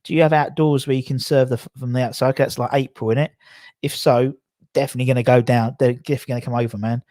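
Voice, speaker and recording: A man's voice: mid-range voice, fairly even intonation, fast talker, mellow, no echo. A man, chatting casually on a livestream, rambling and self-correcting as he reads out viewer comments. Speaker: livestream host.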